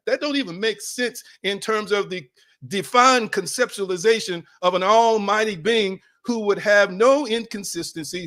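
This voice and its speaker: A man's voice: sits high, fairly bright tone. A man preaching a sermon in a conversational, emphatic way, repeating phrases and calling on his listeners directly. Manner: conversational, addresses audience as y'all.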